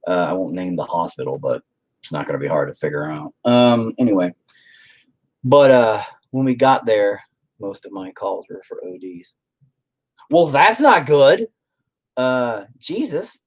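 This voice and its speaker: A man's voice: low voice, animated, normal speed, darkish tone, breathy edge. A man hosting a casual stream, telling a story to viewers in a rambling way and swearing freely. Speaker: stream host chatting with viewers.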